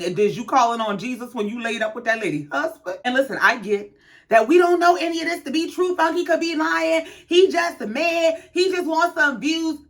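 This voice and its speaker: Woman, gossip commentary host, sassy and profane, lively swooping pitch. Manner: animated, profane, sassy storytelling.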